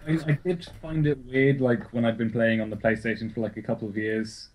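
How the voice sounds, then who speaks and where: A man's voice: medium pitch, fairly even intonation, a little fast, a little hiss or hum, low-quality recording. Young man casually chatting on a podcast. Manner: casual, sweary, self-correcting. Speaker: podcast co-host. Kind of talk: casual chat.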